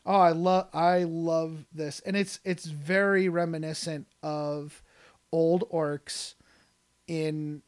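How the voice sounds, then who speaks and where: An enthusiastic podcast co-host in casual chat, gushing about a favorite book. The talk rambles with restarts, fillers and bursts of laughter, at a middle pitch. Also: steady tone, slow pace.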